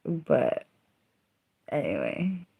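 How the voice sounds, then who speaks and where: A woman's voice: sits low, huge pitch swings, drawn-out words, creaky, warm tone, slightly rough. A young woman chatting casually on her livestream, rambling, giggling and trailing off.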